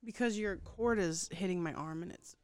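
A woman's voice: on the low side, moderate pace, a little mellow, no echo. A woman chatting casually while watching a show with a friend, teasing and jokey, with the odd swear word. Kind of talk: casual reaction chat.

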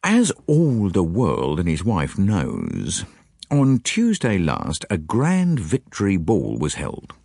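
A man voicing a condescending, persuasive male police inspector who recounts things in a brisk, matter-of-fact way in an audiobook. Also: low-pitched, wildly swooping pitch, vocal fry, darkish tone, dry recording, studio quality, heavily acted. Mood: recounting. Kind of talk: audiobook character voice.

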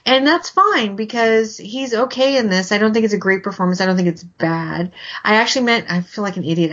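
A woman co-hosting a podcast chats loosely about TV movies in a medium-pitched voice, with lo-fi sound quality. She's chatty, laughing often and filling her speech with "like."

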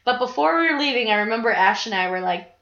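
A young woman casually co-hosting a chat, telling animated stories and swearing freely. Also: fairly high pitch, fast talker. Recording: roomy, slightly dull sound.

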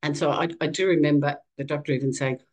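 Speaking fast in a low-pitched voice, a fifty-something Australian woman shares her personal story as a podcast guest. She's frank and lively in conversation, though the recording quality is poor.

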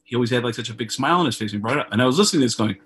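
A middle-aged comedian telling a profane, animated story as a guest over a video call, laughing often. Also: male voice, medium pitch, racing, background noise. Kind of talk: casual storytelling.

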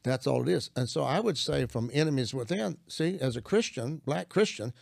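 A man's voice: medium pitch, animated, normal speed, creaky, darkish tone, no room sound, clean studio sound. An older man, a minister, earnestly telling a personal testimony in conversation and acting out his prayers. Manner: earnest storytelling, acts out prayers.

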